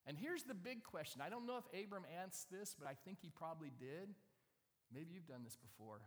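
A pastor delivers a sermon in a fairly high voice, chatting with the audience and asking them questions. His words ring out with a long reverb in a large hall. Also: lively intonation, normal speed. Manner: conversational, asks the audience questions.

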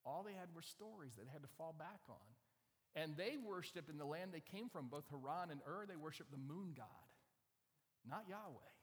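A man's voice: fairly high pitch, expressive, normal speed, big-room sound. A man preaching a sermon in a conversational way, often asking the audience questions. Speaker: pastor.

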